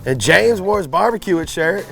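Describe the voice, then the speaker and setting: A man's voice: sits high, animated, normal speed, creaky, sharp tone, soft background music. A man from New England hosting a barbecue cooking vlog outdoors, upbeat and jokey as he serves food to friends. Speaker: host of a barbecue cooking channel. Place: outdoors in a backyard at a smoker.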